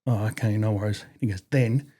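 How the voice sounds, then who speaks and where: A man's voice: fairly low pitch, fairly quick, dark tone. An Australian man in his forties, a podcast guest telling army stories in casual chat, swearing freely and laughing as he goes. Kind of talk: casual storytelling interview.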